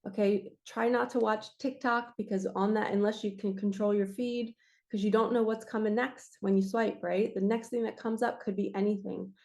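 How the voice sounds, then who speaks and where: Passionate woman with a raspy throat. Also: mid-range voice, steady tone, moderate pace, darkish tone. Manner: passionate, emphatic, urging. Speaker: spiritual reader and coach. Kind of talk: earnest spiritual talk to viewers.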